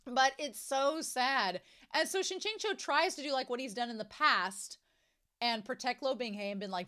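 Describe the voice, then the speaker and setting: A young woman casually discussing a novel she is reading, animated and jumping to excited high notes. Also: unhurried, smooth. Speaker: book reviewer.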